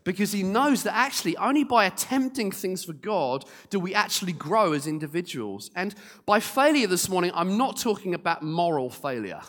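A male pastor gives a sermon through humorous storytelling. His voice sits fairly high and swings widely. A long reverb carries it through a large hall. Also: very animated, moderate pace, fairly bright tone.

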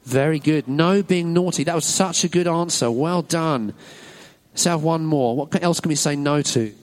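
Speaking at normal speed in a somewhat high voice, this man runs the children's segment of a church service in a hall with an audience. He stays cheerful and supportive, commending each answer the kids give.

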